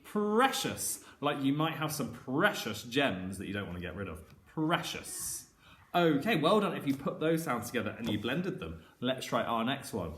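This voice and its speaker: A man teaching a phonics lesson to primary school children, sounding out each word slowly and clearly and praising often. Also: mid-range voice, big pitch swings, a bit bright, slight background noise. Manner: encouraging, with frequent praise. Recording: echoey room.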